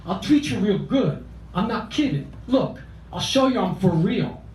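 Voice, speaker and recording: A man's voice: high-pitched, expressive, measured pace, a little mellow, a little hiss or hum. A man voicing a drunk, pleading married man in his late twenties with a South Philadelphia accent, pushy and urgent. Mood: coaxing. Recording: roomy, distant cafe mic.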